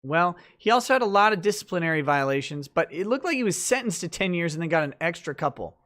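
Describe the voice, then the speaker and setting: A man's voice: a little high, animated, quick pace, a bit bright. A man hosting a late-night livestream, chatting loosely through viewer comments with lots of fillers and restarts.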